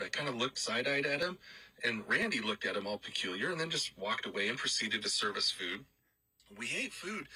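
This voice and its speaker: A man's voice: medium pitch, slightly rough, poor audio. A man telling a funny story with lots of animation, acting out the people in it and laughing as he goes. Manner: animated, acts out voices and laughs mid-story. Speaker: listener telling a roommate story.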